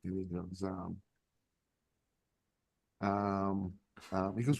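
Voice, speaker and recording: A man's voice: deep voice, slow pace, vocal fry, a little mellow. Rambling New man, distant mic. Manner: rambling storyteller, heavy swearing, laughs a lot. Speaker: podcast host. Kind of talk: casual stoner chat with friends.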